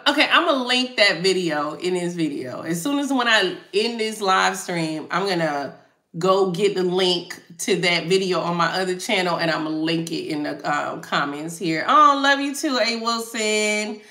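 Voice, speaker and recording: A woman's voice: lowish voice, lively intonation, moderate pace, pushed and bright, echoey room. A woman tarot reader hosting a live stream, chatting casually with viewers and reading out their comments, laughing easily.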